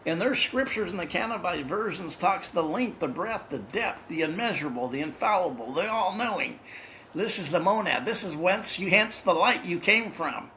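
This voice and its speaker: A man with a bright, forceful, slightly high voice teaches from a spiritual text. He reads lines aloud and then circles back over them, repeating phrases with emphatic stress. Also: expressive, moderate pace, slight background noise, poor audio.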